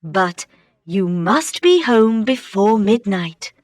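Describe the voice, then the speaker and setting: Woman reading as a gentle fairy godmother. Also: medium pitch, no room sound, clean studio sound. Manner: calm, slow, reassuring.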